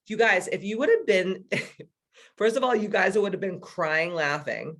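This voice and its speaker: A woman's voice: medium pitch, lively intonation, a little slow, a bit bright. A woman hosting a video call workshop, swearing freely and laughing through casual stories. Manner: profane, laughing storyteller. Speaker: workshop host. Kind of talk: casual chat.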